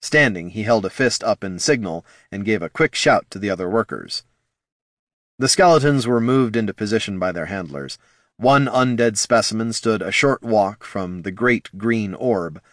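A man narrating a fantasy audiobook in an even, measured way. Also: fairly low pitch, no echo, studio quality.

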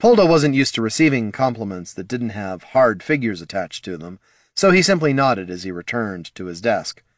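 Male narrator, lively intonation, close dry sound, reads a fantasy book. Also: on the low side, normal speed, no echo. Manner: expressive storytelling. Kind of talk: scripted narration.

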